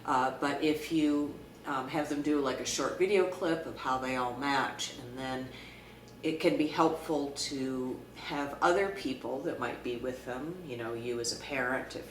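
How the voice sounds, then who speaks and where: A woman working as a clinical social worker, calmly explaining a social skill to camera with frequent fillers. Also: a bass voice, a little hiss or hum. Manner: calm, measured, with frequent fillers. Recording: echoey room, mic at a distance.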